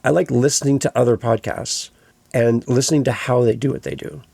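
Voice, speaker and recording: A gravelly, slightly husky man hosting a relaxed podcast chat. He tells lively stories and slips into the voices of the people he describes. The sound is close and dry. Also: mid-range voice, fairly quick, dry recording. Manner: lively storyteller who acts out quoted voices. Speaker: podcast host. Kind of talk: casual podcast conversation.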